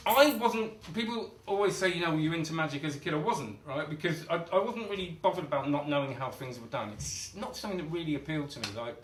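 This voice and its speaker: A man's voice: on the high side, quick pace, hardly any pauses, slight background noise. A middle-aged man with a Sheffield accent, performing close-up magic for a live audience, self-mocking, chatty, laughing often. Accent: Sheffield English. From England. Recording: echoey room, mic from a distance. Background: audience laughter and clapping.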